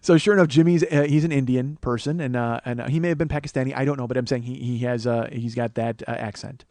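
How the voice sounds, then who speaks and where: A man's voice: mid-range voice, fairly even intonation, quick pace, a little mellow, dry recording. A man in his forties, a comedian hosting his own show, telling a rambling, profane, self-mocking story. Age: 40s. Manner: rambling, profane, self-mocking, with lots of fillers and acted-out quotes. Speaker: comedian host. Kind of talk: comic storytelling monologue.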